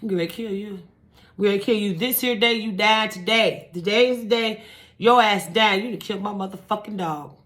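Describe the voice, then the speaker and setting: A man's voice: high-pitched, fairly quick, a bit bright. Figure: a woman doing an enraged veteran neighbor man. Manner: profane threats. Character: furious grieving middle-aged male veteran neighbor.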